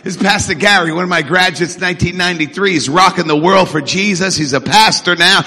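A middle-aged man preaching a sermon with energetic call-and-response, in a church hall. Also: sits high, brisk, few pauses. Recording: echoey hall.

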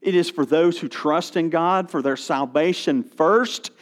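Animated preacher man, pitch on the high side. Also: a little slow. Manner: animated storytelling with quoted voices. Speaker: pastor. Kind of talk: sermon.

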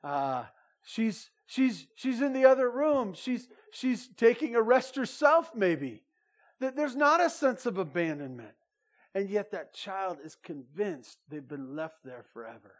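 A man preaching a sermon, swinging between loud emphatic lines and soft intimate asides. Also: high voice. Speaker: pastor.

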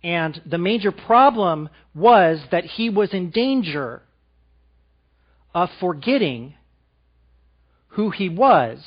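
A man preaching a sermon to a live congregation, asking them questions and dropping to a soft, quiet voice for emphasis. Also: sits high, husky, lo-fi sound. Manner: engaging, asks the audience questions.

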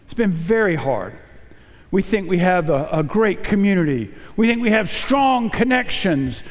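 A man's voice: high voice, very animated, measured pace. A middle-aged man preaching as a pastor, earnest and often repeating words as he speaks. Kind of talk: sermon. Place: church sanctuary. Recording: long hall reverb.

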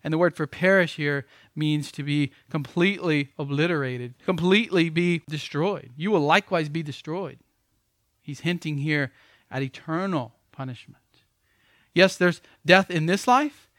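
A man's voice: fairly high pitch, normal speed, fairly bright tone, no room sound, studio quality. A man who is a pastor, preaching a sermon with emphatic repetitions.

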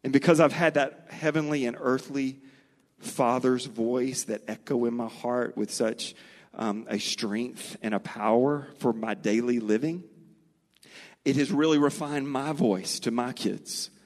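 A middle-aged man preaching a sermon, earnest and storytelling, slowing and speeding up for emphasis. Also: mid-range voice, a little mellow. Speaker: pastor. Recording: long reverb of a large hall.

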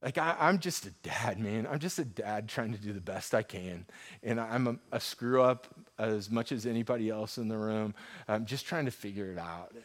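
A man's voice: on the low side, moderate pace. A middle-aged man preaching as a pastor, telling everyday stories in a conversational way and building to urgent, emphatic appeals. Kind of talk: sermon.

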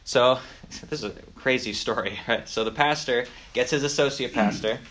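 A man's voice: mid-range voice, normal speed, fairly bright tone, slight background noise. A young man teaching Sunday school, telling a story in a chatty, conversational way with asides. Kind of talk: casual storytelling lesson.

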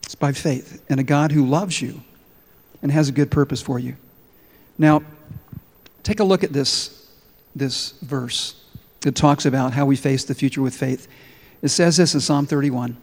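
A man's voice: on the high side, measured pace, pauses often, a little mellow. Emphatic preacher man with echoing reverb. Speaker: pastor. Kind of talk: sermon.

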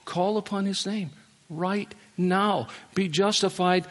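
A man's voice: sits high, steady tone, slow pace. A man preaching a sermon as pastor, pleading earnestly with his listeners in a church worship center. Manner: pleading, rising to impassioned appeals then dropping soft. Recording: long reverb of a large hall.

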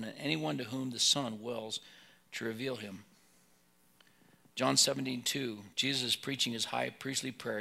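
A man preaching a sermon, telling Bible stories and swinging between loud emphasis and soft asides. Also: medium pitch, vocal fry. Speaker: pastor.

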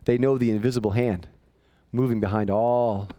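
A man preaching a sermon, retelling a Bible story as an animated, conversational storyteller with jokes. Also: medium pitch, normal speed, no room sound. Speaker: pastor.

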